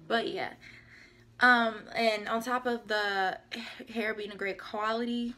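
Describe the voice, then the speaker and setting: A woman's voice: on the high side, steady tone, slow pace, bright, forceful tone. A young woman vlogger chatting casually and rambling through a product update, often correcting herself. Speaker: beauty vlogger. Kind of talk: casual product review chat.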